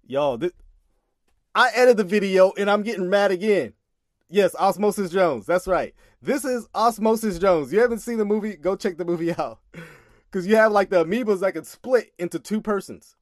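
A man's voice: high voice, moderate pace, dry recording, clean studio sound. A man casually commenting on a sermon clip, exasperated and emphatic, often laughing in disbelief.

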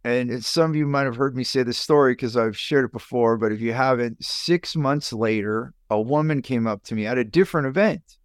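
Middle-aged man, podcast guest, business coach, animated storytelling, mid pitch, dry close recording. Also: fairly quick, clear, resonant tone, no room sound. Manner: animated storyteller, rises sharply in pitch when acting out quoted people. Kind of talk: personal storytelling in an interview.

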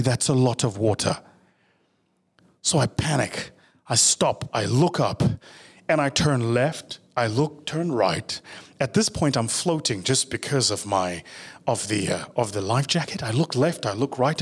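A man's voice: medium pitch, expressive, unhurried, husky. A man whose first language is isiZulu, telling a vivid, self-mocking story and acting out his own inner voice. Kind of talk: storytelling monologue.

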